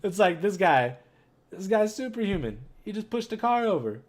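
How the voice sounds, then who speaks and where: A man hosting a gaming channel, reading a comic with viewers in an excitable, chatty way and talking straight to them. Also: high-pitched, moderate pace. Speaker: gaming YouTuber. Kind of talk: casual read-along commentary.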